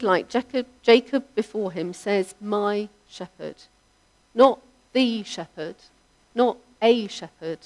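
A woman preaching a sermon, in a measured, reflective delivery whose line ends trail off softly. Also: on the high side.

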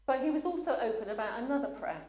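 A woman's voice: a little high, expressive, a little mellow. A woman preaching a sermon, speaking earnestly and at times choking up and apologizing. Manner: earnest, gets emotional and pauses to apologize. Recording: echoey room.

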